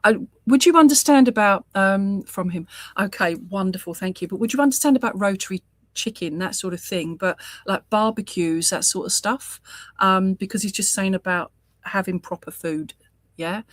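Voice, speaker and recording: A woman giving a live mediumship reading, speaking gently and reassuringly and often murmuring sympathy. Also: mid-range voice, moderate pace, dry recording. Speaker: spiritualist medium.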